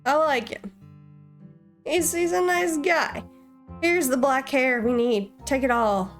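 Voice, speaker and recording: A woman's voice: high-pitched, slow, soft background music. A woman hosting a gaming channel, casually commenting and thinking aloud while playing. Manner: chatty, thinks aloud, jokey.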